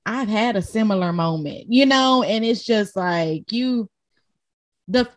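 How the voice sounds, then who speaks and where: Woman, supportive co-host, mid-pitched, recorded dry. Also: expressive, a little slow, dry recording. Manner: supportive, affirming listener. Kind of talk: casual chat.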